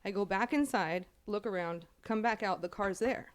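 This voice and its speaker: A woman in her thirties telling family stories on a podcast in a profane, animated way, quick to laugh. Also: medium pitch. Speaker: podcast co-host. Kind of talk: casual storytelling chat.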